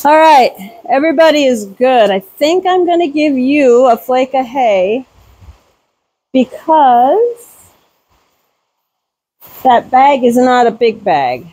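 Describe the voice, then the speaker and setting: A woman talking casually while doing farm chores outdoors around a barn, cooing at her animals in a high baby-talk voice. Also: big pitch swings, a little slow, long pauses, warm tone, a little hiss or hum, low-quality recording. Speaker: homesteader vlogger. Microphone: handheld camera.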